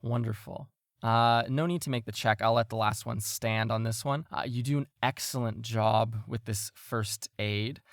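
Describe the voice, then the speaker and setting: Gravelly guy running a tabletop game, lots of ums and restarts, dry mic. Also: mid-range voice, steady tone, moderate pace, dry recording. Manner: hesitant, many fillers and restarts. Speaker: game master.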